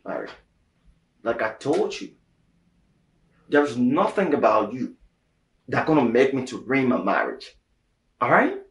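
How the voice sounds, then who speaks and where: A man's voice: medium pitch, sing-song, measured pace, long pauses. An actor with a Liberian English accent playing an evasive married man, defensive and pleading with both his wife and his mistress. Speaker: married husband. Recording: echoey room.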